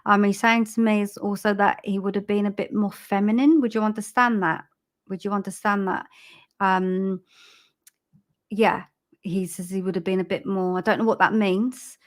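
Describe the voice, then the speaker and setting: A woman giving a live-streamed psychic reading, soft and halting, with frequent ums and repeated phrases. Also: medium pitch, level tone. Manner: laughs at herself over tech trouble. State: choked up with emotion. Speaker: psychic medium.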